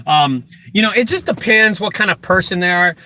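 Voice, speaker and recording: A man who runs a junk removal business, telling animated, joking stories full of asides as he gives casual advice. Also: high-pitched, fairly quick, no room sound. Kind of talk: casual storytelling advice talk.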